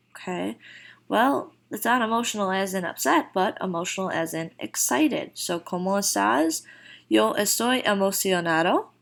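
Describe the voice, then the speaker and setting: A woman teaching a recorded Spanish vocabulary lesson, casually explaining and then slowly modeling each phrase. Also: medium pitch, gravelly, a bit bright. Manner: slow, deliberate model phrases with casual fillers.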